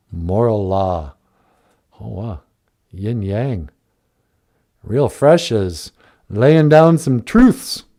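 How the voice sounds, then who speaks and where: Man, host, casual live-stream chat, joking, laid-back, animated pitch, warm mellow timbre. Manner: joking, laid-back, reads viewer comments aloud. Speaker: show host.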